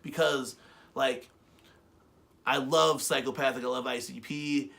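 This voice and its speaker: A man co-hosting a webshow, telling stories in a rambling, profane, animated way. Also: medium pitch, a little slow, gravelly. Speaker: webshow co-host. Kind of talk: casual chat.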